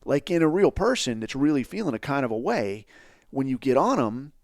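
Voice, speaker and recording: A man's voice: mid-range voice, sing-song, brisk, creaky, a little mellow, no room sound, studio quality. Blunt, foul-mouthed man ranting. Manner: blunt, sarcastic, heavy swearing. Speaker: podcast host. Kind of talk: profane ranting commentary.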